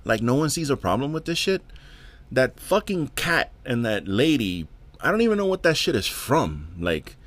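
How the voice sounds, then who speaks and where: A man's voice: medium pitch, sing-song, moderate pace, fairly bright tone. A man hosting his own podcast, ranting alone in a profane, exasperated way and often repeating words. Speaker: podcast host. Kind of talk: casual solo rant.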